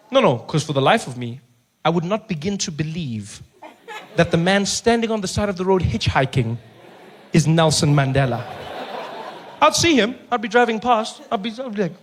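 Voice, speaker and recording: A man with a South African accent doing a stand-up comedy set, telling stories and acting out characters in many voices. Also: fairly high pitch. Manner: animated storytelling, acts out characters in many voices.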